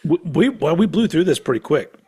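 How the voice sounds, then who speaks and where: A man's voice: a little high, lively intonation, brisk, darkish tone, husky. A man co-hosting a casual podcast, rambling off on tangents, swearing freely and laughing often as he talks. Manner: laughs often while talking. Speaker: podcast co-host.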